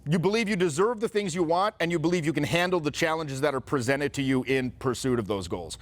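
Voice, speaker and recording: A male social confidence coach in a casual motivational talk. He tells stories and gives advice in an animated way, with frequent swearing. His voice sits a little high for a man. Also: quick pace. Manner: profane, animated storyteller.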